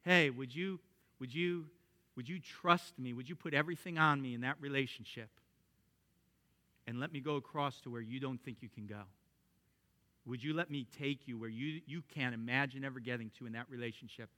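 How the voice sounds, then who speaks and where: A man voicing Jesus as a gentle figure who asks softly and pleadingly for trust. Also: mid-range voice, moderate pace, voice pushed down, close to an everyday voice.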